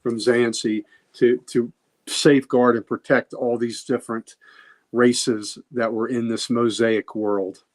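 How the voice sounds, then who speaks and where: A man co-hosting a casual comics podcast who calmly sums up the point of a story. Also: medium pitch, slow. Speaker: podcast co-host. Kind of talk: casual comic book discussion.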